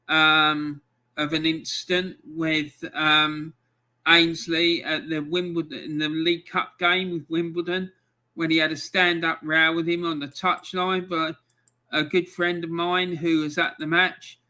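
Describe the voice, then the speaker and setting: A man's voice: on the high side, little pitch movement, unhurried, bright, forceful tone. A man hosting a live football fan stream, ranting in angry exasperation about his team's loss. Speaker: fan channel host.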